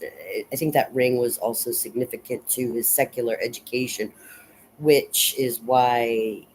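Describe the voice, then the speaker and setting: Slow, rambling woman recapping a film. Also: a bass voice, a little mellow, slight background noise, low-quality recording. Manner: rambling, many fillers and restarts; unhurried and reflective. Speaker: film reviewer. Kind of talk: casual spoken film recap.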